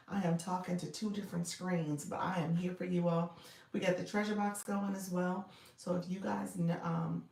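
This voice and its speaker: A woman hosting a casual livestream from her home, chatting in a soft, low voice and greeting viewers by name. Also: gravelly. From Florida. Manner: talks softly and low, near a whisper. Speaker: livestream host and coach. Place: home room. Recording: echoey room, distant mic.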